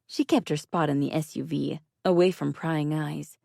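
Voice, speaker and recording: A woman's voice: low voice, fairly even intonation, normal speed, vocal fry, hardly any pauses, mellow, no echo. A woman narrating an audiobook in the first person with a dry, wry delivery.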